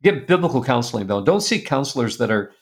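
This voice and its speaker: A middle-aged man telling a personal story as a guest, earnest and confessional, going soft and quiet at the painful parts. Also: medium pitch, very animated, quick pace. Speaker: guest speaker.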